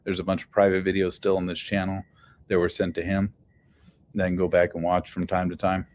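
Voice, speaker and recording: A man's voice: deep voice, monotone, a little fast, a little mellow, a little hiss or hum. A man telling a story on a casual livestream, swearing heavily and rambling loosely with many restarts. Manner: profane, heated storytelling. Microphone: phone on livestream.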